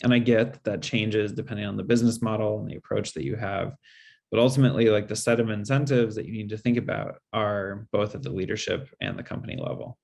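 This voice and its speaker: Low gravelly man explaining. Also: darkish tone. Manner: measured, frequent "um" and "like". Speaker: guest speaker. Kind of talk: webinar Q&A answer.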